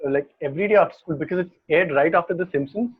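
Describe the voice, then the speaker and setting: A man's voice: a little high, rapid-fire, husky. A man co-hosting a film podcast, chatting casually and rambling through his thoughts. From India. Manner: rambling, restarts mid-thought. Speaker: podcast co-host. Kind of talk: casual chat about films and TV. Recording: tinny phone-like call line.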